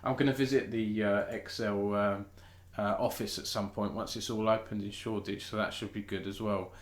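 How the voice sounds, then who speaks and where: A man's voice: lowish voice, steady tone, moderate pace, echoey room. A British man hosting a casual live-streamed esports news chat. He talks in a chatty way, restarts often and thinks aloud.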